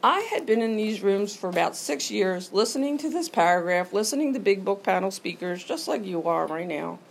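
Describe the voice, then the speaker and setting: A woman's voice: mid-range voice, expressive, normal speed, vocal fry, a little hiss or hum. A middle-aged woman speaking at a recovery meeting, telling her own story in a candid, earnest way and acting out her inner voice. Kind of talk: personal recovery share.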